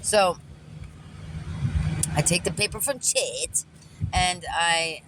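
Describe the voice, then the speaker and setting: A woman telling a story in a loud, animated, profane way, recorded in a car. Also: fairly low pitch, slow pace, background noise. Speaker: delivery driver and vlogger. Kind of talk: casual storytelling.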